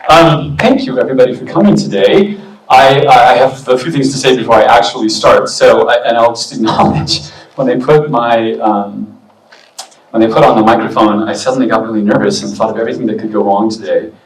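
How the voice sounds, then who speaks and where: A man giving a relaxed, chatty talk as a medium to an expo audience, with many fillers. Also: medium pitch, a little fast, distant mic. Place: expo hall. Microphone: booming handheld or stand mic. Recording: echoey hall, mic heard from afar.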